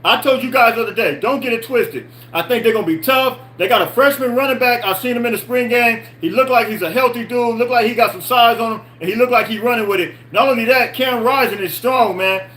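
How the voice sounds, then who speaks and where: A man's voice: extremely high pitch, fairly quick, few pauses, pushed and bright, low-quality recording. A man hosting a live-stream sports podcast, talking casually, answering chat comments and repeating himself with rhetorical questions. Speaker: podcast host.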